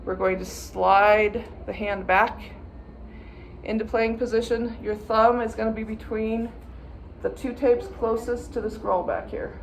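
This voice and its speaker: A woman's voice: fairly high pitch, level tone, a little slow, slight background noise. Patient woman teaching viola practice. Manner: patient, step-by-step, chanting rhythm words. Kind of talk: instructional practice walkthrough.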